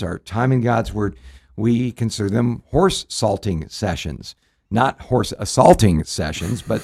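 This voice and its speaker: A man pastor, from the United States, giving animated Bible teaching on a radio program, leaping up in pitch as he acts out quotes. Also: creaky, slightly rough.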